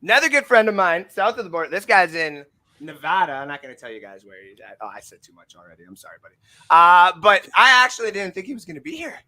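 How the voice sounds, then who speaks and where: Man, podcast host, slightly high voice, rambling, self-deprecating, laughs a lot. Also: big pitch swings, fast talker, pushed and bright, low-quality recording. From Canada. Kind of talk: casual podcast chat.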